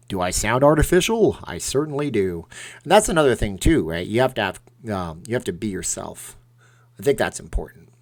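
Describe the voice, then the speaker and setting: A man's voice: on the low side, animated, fairly quick. A middle-aged man casually chatting on a live stream, reading out donor names and rambling through asides.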